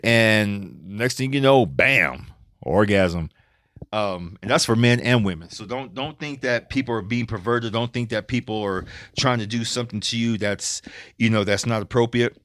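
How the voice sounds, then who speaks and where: Podcast host, male, lowish voice, dry close sound, blunt and profane storyteller. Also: no room sound. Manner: blunt, profane, laughs often. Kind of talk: casual podcast monologue.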